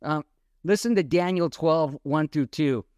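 Brief: male podcast co-host, lively Bible teacher, higher-than-average voice, dry studio mic. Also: a little slow, clear, resonant tone, dry recording. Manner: animated, fires rhetorical questions.

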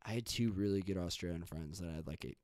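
A man's voice: deep voice, fast talker, a little mellow, no room sound, clean studio sound. A young man hosting a podcast, chatting casually and rambling with lots of fillers and restarts. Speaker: podcast host. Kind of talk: casual chat.

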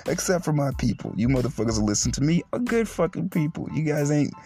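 A man's voice: fairly high pitch, very animated, a little fast, dark tone, soft background music. Profane, blunt man ranting solo. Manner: profane, blunt, laughing often; mocking quoted voices. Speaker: podcast host. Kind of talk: solo podcast rant.

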